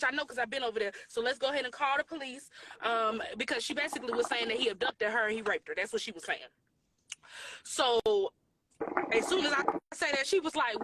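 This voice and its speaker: Woman in her 20s spinning a story on a live show, bright voice, acts out everybody's lines. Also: sits high, a little hiss or hum. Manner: animated, acts out quoted voices, Southern US slang. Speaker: podcast co-host telling a story.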